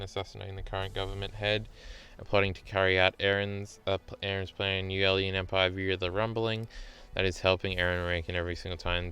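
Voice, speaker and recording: Deep-voiced profane male streamer. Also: vocal fry, a bit bright, clear, resonant tone. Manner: rambling, profane, lots of "uh" and "right?". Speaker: streamer reacting to an article. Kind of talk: casual reaction commentary.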